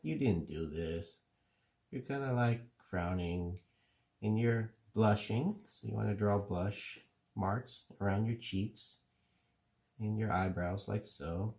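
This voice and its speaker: A middle-aged man calmly explaining, step by step, how to draw cartoon faces. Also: on the low side. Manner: relaxed, unhurried step-by-step explaining. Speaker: drawing teacher. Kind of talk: casual drawing tutorial.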